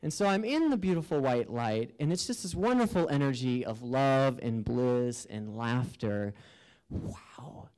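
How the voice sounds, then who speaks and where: A man's voice: medium pitch, animated, normal speed, hardly any pauses, darkish tone, smooth, rough recording. A man performing an earnest first-person storytelling monologue with a sense of wonder. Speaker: spoken-word performer.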